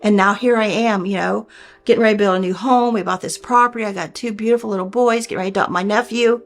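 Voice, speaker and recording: An older woman in her sixties recounts a personal story with earnest, heartfelt feeling. Her voice sits at a middle pitch, and she often slips into the words she and others once said. Faint music plays softly behind her. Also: steady tone, fast talker. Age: 60s. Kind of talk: personal testimony.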